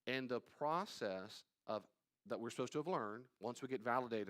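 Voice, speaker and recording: A man leading a live church study, talking conversationally with playful asides and sudden loud acted-out quotes. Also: mid-range voice, expressive, moderate pace. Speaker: pastor teaching a study. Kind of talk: live teaching talk on anxiety. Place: church room with live audience.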